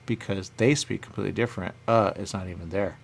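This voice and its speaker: A man hosting a radio talk show, rambling on his own and repeating the same catchphrase over and over, sometimes acting out other people in a high voice. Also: fast talker, vocal fry. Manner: rambling, repeats "there you go" constantly.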